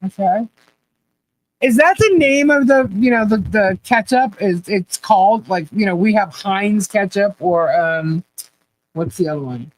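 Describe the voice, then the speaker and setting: Lady on a live chat, talks slow, laughs a lot, keeps asking confused questions. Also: mid-range voice, rough recording. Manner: laughs often, baffled questions, repeats herself. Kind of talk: casual live chat reading comments.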